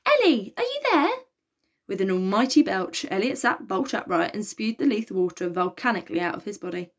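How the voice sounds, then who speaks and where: A woman reads a children's novel aloud, lively and expressive in her narration. Her voice sits at a middle pitch. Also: fairly quick. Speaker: storybook reader.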